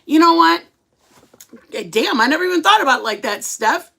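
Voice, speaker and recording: A woman's voice: high voice, fairly quick, creaky. A middle-aged woman hosting a livestream, chatting casually with viewers and telling stories dramatically. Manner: animated, chatty, dramatic storytelling. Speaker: livestream host.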